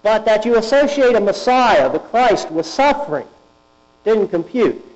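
High-voiced preacher, lo-fi humming recording. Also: male voice, big pitch swings, a little mellow. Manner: deliberate, emphatic, rhetorical questions. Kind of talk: sermon. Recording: dull lo-fi with mains hum.

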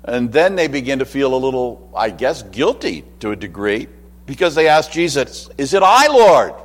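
A man's voice: mid-range voice, lively intonation, moderate pace, in a large hall. A man preaching a sermon in a conversational way, with asides and acted-out quotes.

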